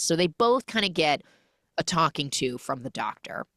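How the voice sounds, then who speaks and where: A woman hosting a podcast, casually recapping a film as an animated storyteller who acts out the characters' lines. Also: sits low, moderate pace, no echo, clean studio sound. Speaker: podcast host.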